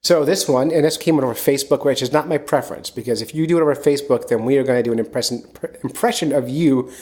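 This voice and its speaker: A man from near Philadelphia hosting a casual fishing podcast, chatty and rambling, with quick bursts of speech. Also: medium pitch, darkish tone. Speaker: podcast host and fishing guide.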